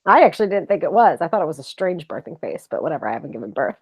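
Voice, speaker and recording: A woman co-hosting a casual podcast chat who makes brief, dry remarks at an unhurried pace. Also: deep voice, big pitch swings, vocal fry, husky. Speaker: podcast co-host.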